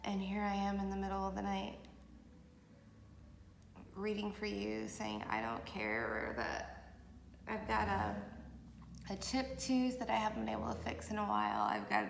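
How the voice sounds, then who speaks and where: A woman's voice: mid-range voice, expressive, moderate pace, creaky, long pauses, echoey room, a little hiss or hum. A woman doing a late-night tarot reading, talking in a meandering, emotional way to her viewers. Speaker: tarot reader. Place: room at night.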